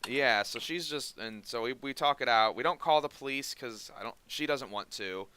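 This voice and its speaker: Bright, smooth-voiced man telling a story. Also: mid-range voice, moderate pace, no room sound. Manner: rambling storyteller with many restarts. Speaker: podcast host. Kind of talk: casual podcast chat.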